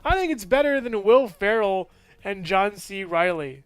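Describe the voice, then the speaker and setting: A man's voice: high voice, lively intonation, unhurried, clear, resonant tone, no echo, faint music behind. A man giving a casual, rambling movie review with lots of enthusiasm and frequent laughs.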